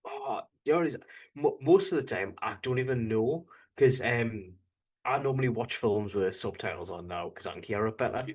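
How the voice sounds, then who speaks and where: A man with a mild Northern English accent, co-hosting a relaxed podcast chat about a film. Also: medium pitch, normal speed. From Northern England. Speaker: podcast co-host. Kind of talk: casual chat.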